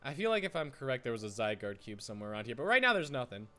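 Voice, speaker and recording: A man giving casual, excitable let's-play commentary, rambling with frequent stammered restarts. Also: mid-range voice, racing, faint music behind. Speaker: gaming YouTuber.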